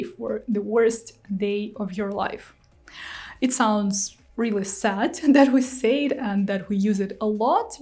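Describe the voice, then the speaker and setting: A woman's voice: medium pitch, darkish tone. A young woman with a Russian accent, a native Russian speaker, patiently explaining idioms in a video lesson. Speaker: language teacher.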